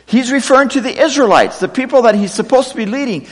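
Lively high-voiced male preacher in hall. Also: fast. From United States, raised partly in Pakistan. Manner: expressive, dramatic reading of scripture quotes. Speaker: pastor. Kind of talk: sermon.

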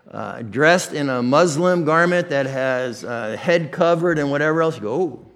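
A man with an American Midwestern accent, a pastor delivering a conversational sermon with frequent restarts and candid asides. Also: a little high. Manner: conversational, self-deprecating, with many restarts.

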